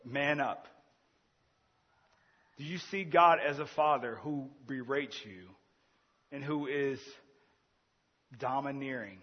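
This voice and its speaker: A man in his thirties preaching a sermon, earnest, swinging between loud emphasis and quiet, intimate asides. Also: medium pitch, unhurried, long pauses, big-room sound, lo-fi sound. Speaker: pastor.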